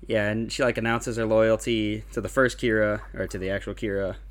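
A man casually chatting on a podcast, calmly summarizing plot points with plenty of uhs and likes. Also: on the low side, fairly quick. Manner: relaxed, plot-summarizing with lots of fillers. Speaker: podcast co-host. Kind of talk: casual chat recapping an anime.

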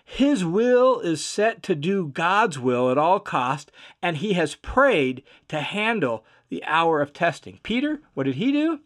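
Animated male Bible teacher, conversational, voices the quotes, highish pitch. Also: a little slow. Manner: animated storytelling, acting out quotes; conversational with "right?" asides. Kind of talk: verse-by-verse Bible lesson.

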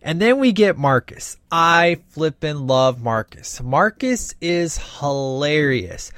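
A man talks through a movie review in a loose, opinionated ramble, full of fillers and restarts. His voice sits a little high for a man. The sound is dry and close, with no room echo. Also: sing-song, takes it slowly, a bit bright. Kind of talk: casual spoken movie review.

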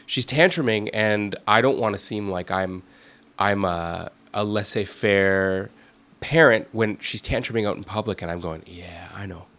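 A man's voice: on the low side, unhurried, a bit bright. A man in his thirties, a musician guest, chatting reflectively in an interview, rambling with lots of fillers and restarts. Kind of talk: casual interview chat.

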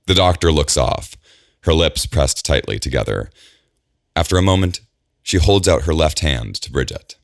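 A man reading a novel aloud in a steady, measured audiobook style, close to the mic. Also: very deep voice, no room sound. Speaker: narrator. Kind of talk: audiobook narration.

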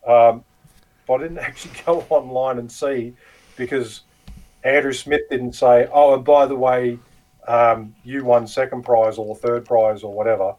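Laid-back middle-aged Australian bloke. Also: male voice, mid-range voice, darkish tone, poor audio. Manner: swears freely, jokey, storytelling. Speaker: co-host. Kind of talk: casual livestream chat.

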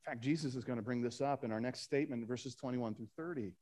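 A pastor delivers a Sunday sermon, reading scripture aloud and posing rhetorical questions to the congregation. His voice is medium-pitched and a little mellow, and he talks fast, rising for emphasis as he reads.

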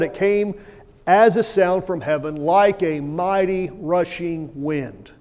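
A male pastor preaching a sermon, with emphatic delivery that swings from loud declarations to hushed asides. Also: high-pitched, slow, highs cut off. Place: church sanctuary. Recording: long church hall reverb.

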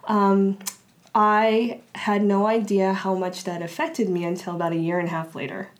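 A woman's voice: medium pitch, little pitch movement, normal speed. Chatty woman telling a personal story. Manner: chatty, frequent "like" fillers and restarts. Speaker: interview guest. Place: Los Angeles area.

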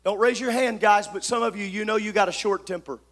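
A man preaching a sermon, emphatic, swinging from shouted lines to soft asides. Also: high-pitched, fairly even intonation, fairly quick.

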